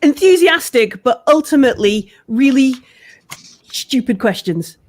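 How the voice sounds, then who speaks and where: A woman playing a tabletop role-playing game, chatting casually and enthusiastically, with playful, halting restarts. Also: high voice, animated, darkish tone. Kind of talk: casual in-character chat.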